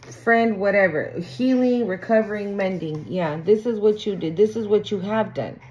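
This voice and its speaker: A woman gives a casual spiritual tarot reading in a mid-range, slightly mellow voice at moderate pace. She's blunt and profane, acting out the people she mentions in sing-song voices.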